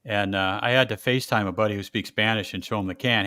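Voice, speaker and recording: A man hosting a casual chat, telling lively stories and laughing often. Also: on the low side, fast talker, dry recording, clean studio sound. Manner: animated storyteller, laughs often, puts on voices in quotes. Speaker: podcast host.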